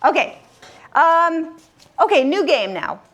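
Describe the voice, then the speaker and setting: Woman, high voice, encouraging instructor, group word game class, stretches out syllables. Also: big pitch swings, fairly bright tone. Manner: upbeat, encouraging, slows down to stress syllables. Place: room with a live group.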